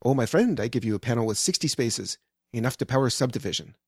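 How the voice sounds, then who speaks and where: A man's voice: mid-range voice, animated, fast talker, a little mellow, husky, no room sound. Brief: man impersonating a pushy-friendly tradesman, imitated Iranian accent, dry close sound. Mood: eager. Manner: eager, salesy, repeats "my friend". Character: friendly male electrician with a heavy Iranian accent.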